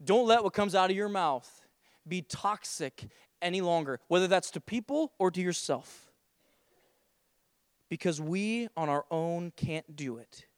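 Pastor, male, high clear voice, lively storyteller who acts out the dialogue. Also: dry recording, clean studio sound. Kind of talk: sermon with personal story.

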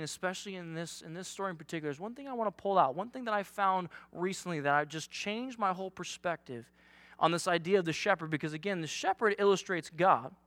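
A young man, a youth pastor, preaching a sermon with energetic, joking, self-deprecating humor. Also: high voice, no room sound, studio quality.

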